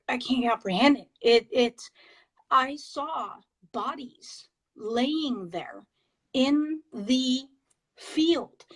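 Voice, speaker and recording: On a video call, a woman who investigates the paranormal recounts her experiences in a casual interview, excitable and halting, full of fillers and restarts. Her voice is fairly high, and the recording is rough.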